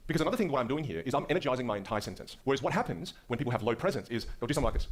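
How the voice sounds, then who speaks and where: Fast, animated Australian man coaching. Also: mid-range voice. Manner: energetic, animated, jokey. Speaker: speaking coach. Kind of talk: lively coaching demonstration.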